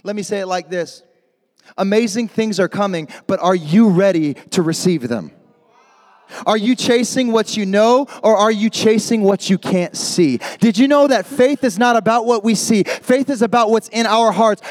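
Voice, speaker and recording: A young man preaching an energetic youth sermon as a youth pastor, animated and jokey, shouting for emphasis. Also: sits high, moderate pace, big-room sound.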